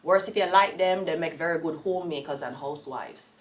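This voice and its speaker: A woman's voice: low-pitched, brisk, distant mic. A Jamaican woman giving a casual tarot reading, rambling and blunt, with profane outbursts. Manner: rambling, blunt and profane, with sudden loud rants. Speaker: tarot reader.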